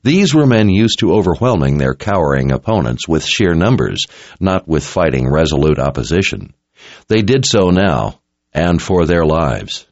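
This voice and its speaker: A man's voice: deep voice, very animated, moderate pace, dry recording, muffled recording. A man reading a dramatic story aloud as narrator, in an intense, scripted audiobook style.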